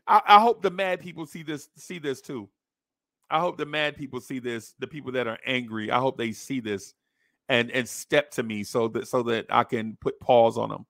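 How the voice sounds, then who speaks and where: A man's voice: medium pitch, steady tone, moderate pace, gravelly, long pauses, a bit bright, no echo, studio quality. A man hosting a podcast, delivering a blunt, mocking opinion rant full of slang. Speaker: podcast host.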